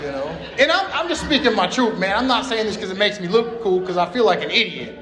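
A man's voice: sits high, very animated, quick pace, fairly bright tone. A man giving a personal share at a recovery meeting, blunt and profane, full of street slang. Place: meeting room. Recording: echoey meeting room.

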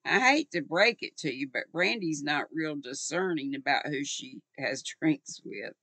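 A gruff male sheriff with a wry, teasing bite, delivered in a dry, close voice, as an older woman reading a novel puts him on. He answers in short, curt lines with a gravelly texture. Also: low-pitched, lively intonation, measured pace, sharp tone, no echo, full character voice.

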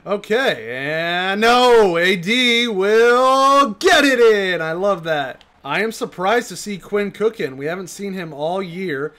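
A young man giving excited commentary over a basketball video game, often yelling and laughing during play. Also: high-pitched, takes it slowly, hardly any pauses. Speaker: gaming YouTuber.

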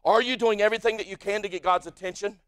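An American man preaches from the pulpit in a strikingly high-pitched voice. His delivery swings between soft, low asides and sudden shouted peaks. The sound is dry and close, with almost no room echo. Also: fairly even intonation, quick pace, clear, resonant tone. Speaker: pastor. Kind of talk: sermon. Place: church sanctuary.

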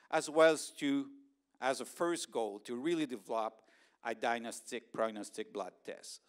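A middle-aged man with a Canadian accent gives a conference presentation at a mid pitch. He talks in a halting way, pausing often, and checks in with his audience with a quick "okay?". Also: clean tone. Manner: halting, with frequent pauses and "okay?" check-ins. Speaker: research scientist giving a talk.

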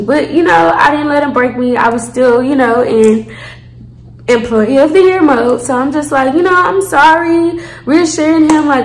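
A woman tells a storytime to her viewers in a chatty, slangy way, full of fillers and asides. Her voice sits a little high. The room has a noticeable echo. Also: moderate pace. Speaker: storyteller, channel host. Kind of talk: casual storytime vlog.

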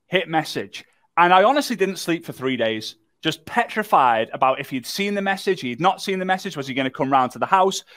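A man presenting a live online workshop, telling a story in a lively, jokey way and talking to the chat. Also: fairly high pitch, no room sound. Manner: animated, jokey storyteller who talks to the chat.

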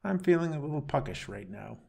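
A man's voice: on the low side, measured pace, gravelly. A man voicing a menacing male raccoon turning human, who talks in a sneering, taunting way. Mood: mocking.

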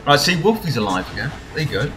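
A young man streaming a horror game live, excitably swearing and yelling at his teammates. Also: medium pitch, fast, music in the background. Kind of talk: live gameplay commentary.

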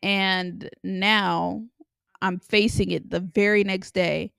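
Chatty young woman with a gravelly edge. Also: mid-range voice, fairly even intonation, slow, fairly bright tone, dry recording, clean studio sound. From Los Angeles area. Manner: chatty and candid, with many filler likes and ums. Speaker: podcast host. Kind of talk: casual storytelling monologue.

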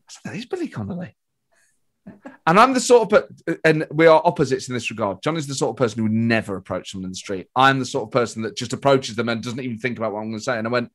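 A man's voice: mid-range voice, very fast. A man from Britain, a comedian guest telling an anecdote in a casual chat, acting out quotes and swearing freely. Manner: lively anecdote teller who acts out quotes, swears freely. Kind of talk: animated storytelling in casual chat.

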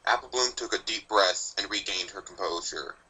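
A man narrating a fan story in a steady, even storytelling manner. His voice sits low but sounds very bright and crisp. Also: moderate pace, a little hiss or hum, poor audio. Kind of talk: scripted narration of fan fiction.

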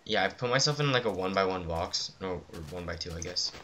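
Give me a young man co-hosting a casual gameplay chat, bright and excitable, joking with a friend. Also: deep voice, quick pace, slight background noise. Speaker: gaming channel co-host.

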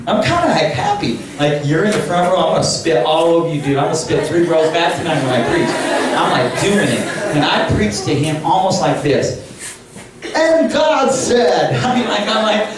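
An older man giving a storytelling sermon as a camp chapel speaker, animated and laughing as he acts out quoted lines. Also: on the high side, brisk. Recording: echoey hall, distant mic, noisy.

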